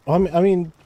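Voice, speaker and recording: A man's voice: high-pitched, no room sound, lo-fi sound. A young man chatting casually on a live game stream, stammering, repeating words and laughing often, close to his microphone. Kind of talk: casual live-stream chat while gaming. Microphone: close desk microphone.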